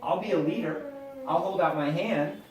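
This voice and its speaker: Animated middle-aged man in an echoey hall. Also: high voice, normal speed, a crowd in the background. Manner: animated, chatty, acts out quoted dialogue. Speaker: motivational speaker. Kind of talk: motivational talk to a live audience. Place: event hall with audience. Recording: echoey room, voice from a distance.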